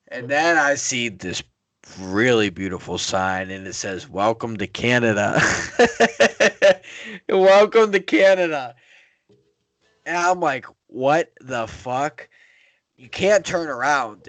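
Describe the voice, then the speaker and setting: A young man spins a rambling road story in casual podcast chat, swearing freely and getting animated as he goes. His voice sits at an ordinary middle pitch, recorded dry and close with little room sound. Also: no echo. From Pittsburgh area. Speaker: podcast host.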